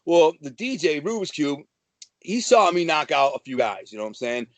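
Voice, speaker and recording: High-voiced man telling swaggering tales. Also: normal speed, no echo. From Detroit. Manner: swaggering, animated, profane. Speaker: guest. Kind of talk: casual storytelling.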